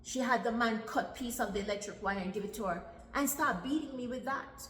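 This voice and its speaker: A woman, telling a personal story from her childhood in an earnest way, often repeating her words and pausing. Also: on the high side, fairly bright tone. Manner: earnest, repeats phrases, long pauses. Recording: echoey room with long reverb, faint background hiss.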